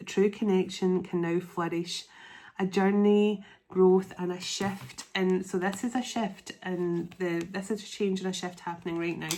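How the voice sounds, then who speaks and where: A woman doing a spiritual tarot reading to camera, emotional and excitable, reading card texts aloud. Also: medium pitch, slight background noise. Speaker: tarot reader.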